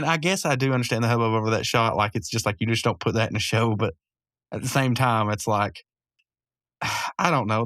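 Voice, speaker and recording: A man's voice: mid-range voice, a bit bright, no room sound, clean studio sound. A man recapping a cartoon episode in a rambling, casual way, chuckling often and full of fillers. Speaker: podcast host.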